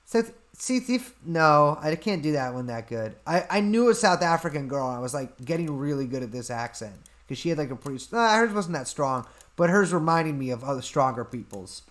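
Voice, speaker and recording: A man on a casual livestream, answering viewer questions in an offhand, deadpan manner. His voice sits a little high for a man. He talks close into a desktop mic, sounding like he is at home. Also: brisk, hardly any pauses. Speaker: podcast host answering chat.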